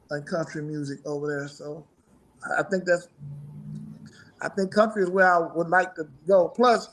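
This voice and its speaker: A middle-aged man, a musician guest in a casual interview, talking in a rambling, profane way and laughing often. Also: fairly high pitch.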